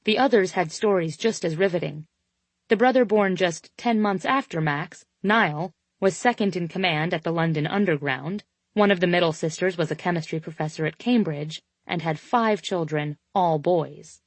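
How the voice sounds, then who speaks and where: Low-voiced woman narrating a romance. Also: normal speed, dry recording. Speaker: audiobook narrator. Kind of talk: scripted first-person romance narration.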